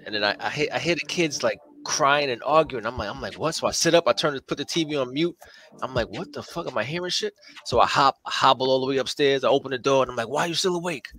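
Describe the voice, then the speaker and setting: A man's voice: medium pitch, fast, bright, forceful tone. Slangy, rambling male storyteller. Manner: slangy storytelling with lots of filler. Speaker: comic artist co-host. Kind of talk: casual livestream chat.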